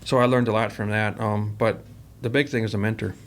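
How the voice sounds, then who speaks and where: A man's voice: on the low side, steady tone, a little fast. A man, a company president, telling workplace stories in a rambling, casual interview style and acting out the quoted dialogue. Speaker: company president, podcast guest.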